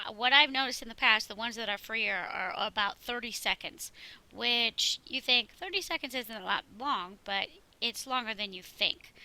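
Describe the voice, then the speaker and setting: A woman's voice: a little high, pushed and bright, rough recording. A woman teacher talking through a screen-recorded tutorial, chatty and walking through each step. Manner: chatty, walks through steps.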